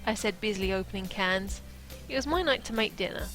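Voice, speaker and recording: A woman's voice: mid-range voice, brisk, fairly bright tone, soft background music, poor audio. A woman streaming herself reading a novel aloud, stopping for playful, chatty asides.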